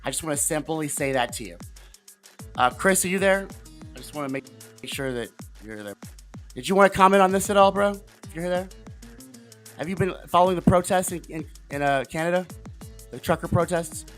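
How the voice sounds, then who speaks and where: A man hosting a political livestream, talking in a fervent, rambling way with big swings in loudness. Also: a little high, fairly quick, pauses often, soft background music. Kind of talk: casual political livestream commentary.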